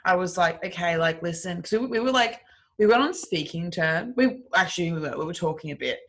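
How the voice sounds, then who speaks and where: A woman's voice: lowish voice, fairly quick. A young woman hosting a podcast, chatting candidly and animatedly, full of fillers and swearing. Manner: animated storytelling, heavy filler words, swearing. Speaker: podcast host. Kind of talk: candid casual chat.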